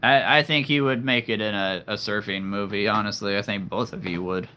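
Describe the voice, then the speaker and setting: A man hosting a casual livestream, chatting with viewers, laughing often and jumping up in pitch when excited. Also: fairly quick, slight background noise. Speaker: livestream host. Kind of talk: casual livestream chat reading comments.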